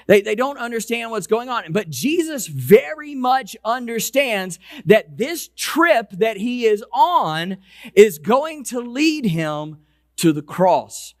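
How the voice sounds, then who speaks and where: A man with a high voice preaches a conversational sermon in a church. He stretches out and lowers key phrases for weight. The sound is dry and close, with little room echo. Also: very animated. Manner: slows and lowers voice for emphasis; conversational preaching with repeated restarts. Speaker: pastor. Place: church sanctuary.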